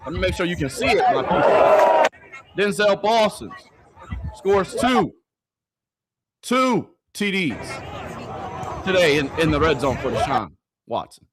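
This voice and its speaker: A man's voice: sits high, very animated, slow, pauses often, a loud crowd, very noisy. A man giving hyped, slangy sports commentary over practice clips, repeating lines and talking straight to his viewers. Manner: hyped, repetitive, slangy delivery addressing viewers.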